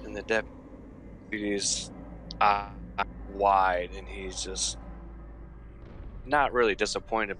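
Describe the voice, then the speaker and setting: A man playing a tabletop horror game, describing his character's actions in slow, drawn-out phrases. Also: fairly low pitch, fairly even intonation, bright, forceful tone, a little hiss or hum. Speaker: player.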